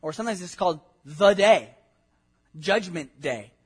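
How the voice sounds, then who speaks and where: Married pastor, high-pitched and husky voice, lively conversational sermon with asides. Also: male voice, unhurried. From Southern California. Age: adult, married with a wife. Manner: animated, conversational preaching with many asides and audience questions. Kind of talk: expository sermon.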